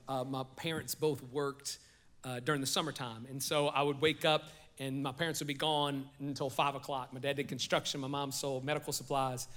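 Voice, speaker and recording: A man in his forties preaching a sermon as pastor in a church, telling stories and joking with the congregation. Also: a little high. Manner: animated storytelling, joking with the congregation. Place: church sanctuary.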